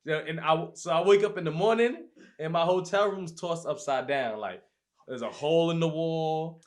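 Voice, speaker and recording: A man on a podcast telling a story in a lively way and acting out his own reactions. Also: a little high, normal speed. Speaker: podcast host. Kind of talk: casual storytelling chat.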